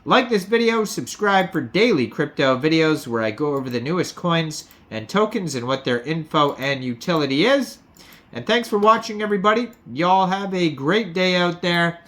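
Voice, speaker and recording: A man's voice: on the high side, expressive, moderate pace, fairly bright tone. A man hosting a crypto video, casually walking through web pages and reading out figures with frequent "uh" fillers. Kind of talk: casual screen walkthrough narration.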